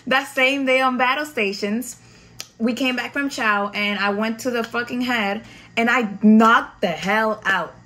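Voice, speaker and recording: A woman's voice: on the high side, fairly even intonation, unhurried, pushed and bright, a little hiss or hum. A young adult woman vlogger from the United States recounts her Navy boot camp days in a casual storytime, talking in a slangy, candid and profane way.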